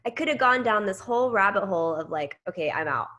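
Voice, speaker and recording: A woman in her thirties giving a casual training talk, telling a story with lively quoted dialogue. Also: medium pitch, quick pace. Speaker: network marketing trainer.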